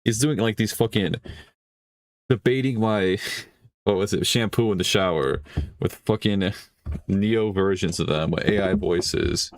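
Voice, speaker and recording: This streamer's voice sits on the low side, and he speaks unhurriedly with long pauses, with no echo on the audio. Reacting to a video, he rambles casually, cursing frequently and breaking into laughter partway through sentences.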